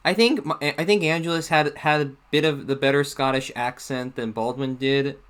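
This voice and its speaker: A man's voice: mid-range voice, steady tone, moderate pace, a bit bright, clear, resonant tone. A man giving casual video commentary, talking hesitantly with many restarts. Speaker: YouTuber.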